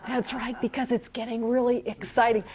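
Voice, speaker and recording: A woman running a training session for museum tour guides, speaking in a fairly high voice. She is animated and encouraging, and she laughs easily between her points. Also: brisk. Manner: lively, encouraging, laughs often. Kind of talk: training workshop talk.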